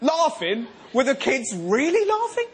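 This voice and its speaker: Excitable comedian, very high voice. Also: male voice, a little slow, crowd noise. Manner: excitable, playful, bursts into silly voices. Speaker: comedy show host. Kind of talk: stand-up comedy monologue. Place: TV studio stage. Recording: studio audience laughter.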